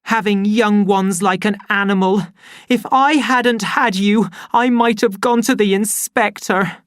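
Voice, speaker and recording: A narrator voicing a bitter, volatile young woman who shouts shrilly in an audiobook story. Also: mid-range voice, fairly even intonation, a little slow, no room sound, clean studio sound, voice pushed up, close to an everyday voice. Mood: furious. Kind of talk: audiobook character voice.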